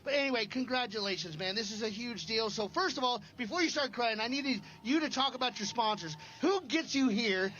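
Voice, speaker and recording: A man in his forties, a loud, joking trackside interviewer at a race finish, heard through dull lo-fi livestream audio. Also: very high-pitched, animated, brisk, hardly any pauses, slight background noise. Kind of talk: excited post-race interview. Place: outdoors at a desert race finish.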